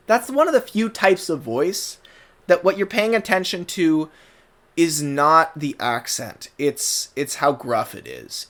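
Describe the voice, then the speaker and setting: A man giving a casual, rambling fan commentary, full of fillers and restarts, animated, now and then breaking into character voices. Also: mid-range voice, creaky. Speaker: channel host, fan commentator.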